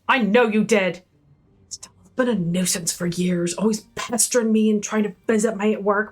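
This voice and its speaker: A woman's voice: on the low side, fairly bright tone, exaggerated voice. A woman voicing a suspicious, guarded female cousin in a game, with a put-on accent that keeps slipping. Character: cold, suspicious woman confronting her cousin.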